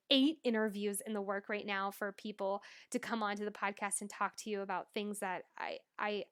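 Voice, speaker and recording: A woman's voice: medium pitch, fairly bright tone. A young adult woman hosting a solo podcast as a life coach, talking in an earnest, emotional, motivational way.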